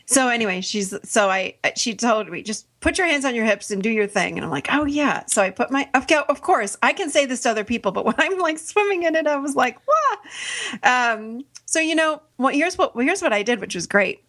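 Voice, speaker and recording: Animated woman host telling a story. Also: on the high side, fairly quick, few pauses. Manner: animated, laughs often, acts out her own past lines. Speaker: podcast host. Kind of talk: casual conversational storytelling.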